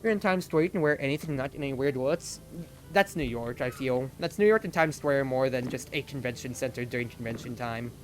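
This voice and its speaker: A young adult streamer with a medium-pitched voice talks briskly in casual stream chat, spinning a long, rambling story that leans heavily on "like" as filler, with soft music playing behind.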